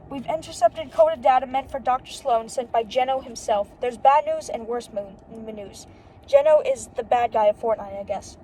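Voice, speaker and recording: High mellow voiced woman reading a comic out loud, halting, keeps correcting herself, faint noise behind. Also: rough recording. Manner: reads haltingly, repeating "and then she says" and correcting slips; adds brief unsure asides to the reading. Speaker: comic book reader. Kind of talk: casual reading aloud of a comic.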